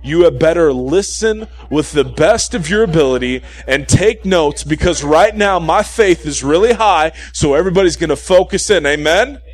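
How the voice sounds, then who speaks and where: A man preaching a sermon in an animated way, mixing humorous everyday stories with repeated key points and frequent "okay?" check-ins with his listeners. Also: on the high side, moderate pace. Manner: humorous storytelling asides.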